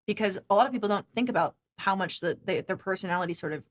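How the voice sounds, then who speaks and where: A woman in her twenties talks as a guest in relaxed conversation, her voice sitting at a middle pitch. She tells her story with animation and quick asides. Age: 20s. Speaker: guest, former college swimmer. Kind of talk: casual conversation.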